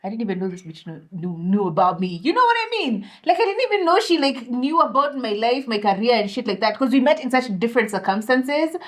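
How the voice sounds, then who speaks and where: A young adult woman, co-hosting a casual chat and telling an animated story, dropping Swahili slang into her English. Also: high-pitched, fairly quick, few pauses. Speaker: podcast co-host.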